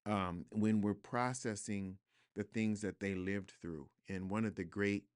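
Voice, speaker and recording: A man with a fairly low voice talks as a guest in a studio interview. He is reflective and earnest, and at times he builds to emphatic repetition. The tone is smooth and full, and the sound is dry and close. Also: steady tone, a little slow, no room sound. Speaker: guest author. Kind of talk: podcast interview conversation.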